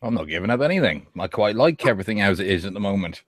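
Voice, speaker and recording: Dry-humored man, very deep. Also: lively intonation, rapid-fire, no room sound. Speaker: stream co-host. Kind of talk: casual stream chat.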